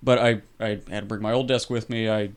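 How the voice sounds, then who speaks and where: A man co-hosting a podcast, telling a story in a relaxed, rambling way with casual swearing. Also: lowish voice, a little fast. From California. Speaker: podcast co-host.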